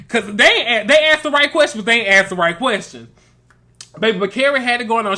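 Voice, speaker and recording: A man runs a reality TV recap, chatty and sassy. His voice is bright and forceful, and he keeps calling his listeners baby and girl. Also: high voice, very animated, brisk. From Mississippi. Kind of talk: casual review commentary.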